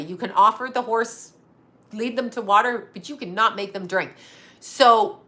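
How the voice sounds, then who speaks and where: A woman's voice: mid-range voice, pushed and bright. A middle-aged woman talking casually and bluntly as a channel host, swearing freely and wandering into asides. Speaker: psychic medium channel host. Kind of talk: casual livestream chat.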